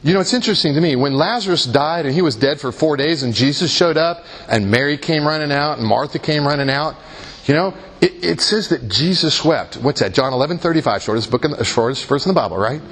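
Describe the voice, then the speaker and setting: A man's voice: fairly high pitch, animated, fairly quick, a bit bright, slightly rough. A man leading a Christian workshop in a conversational way, often asking his listeners rhetorical questions and making jokes at his own expense. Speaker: workshop leader.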